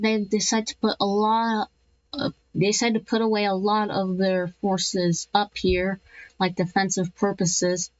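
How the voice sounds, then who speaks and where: Slow, rambling woman narrating a map. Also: mid-range voice, highs cut off. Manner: rambling, self-correcting, slips into playful voiced asides. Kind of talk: casual narration over an animated map.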